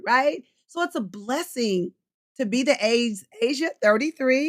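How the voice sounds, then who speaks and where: A middle-aged woman hosts a casual livestream in a fairly high voice. She chats along, reads viewers' comments aloud and laughs easily as she coaches. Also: lively intonation, a little slow, fairly bright tone. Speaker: life coach hosting a livestream.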